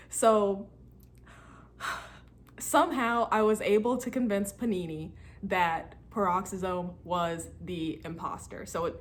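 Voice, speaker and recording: A woman in her twenties telling stories in a casual vlog, animated and laughing as she acts out her friends' lines. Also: medium pitch, a little hiss or hum. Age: 20s. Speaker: student vlogger.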